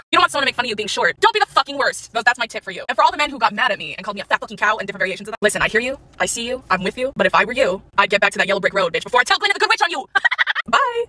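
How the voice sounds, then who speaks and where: Brief: woman creator, sassy profane roast-style rant, rapid delivery, audible background noise on the recording. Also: mid-range voice, very animated, bright, forceful tone. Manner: brash, sassy, laughs often. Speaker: content creator. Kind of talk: profane comedic rant to camera.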